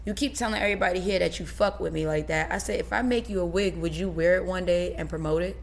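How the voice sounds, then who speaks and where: A woman's voice: lowish voice, quick pace, gravelly. A woman, a guest on a chat show, telling a story in casual talk and acting out what people said. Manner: animated storytelling with quoted dialogue.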